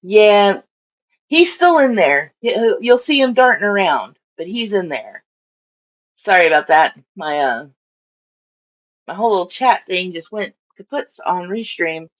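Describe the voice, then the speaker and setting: A woman's voice: medium pitch, sing-song, measured pace. Chatty woman rambling on a lo-fi stream. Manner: chatty, rambling, voices her fish in silly asides. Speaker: fish-keeping streamer. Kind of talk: casual live-stream chat. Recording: dull lo-fi stream audio.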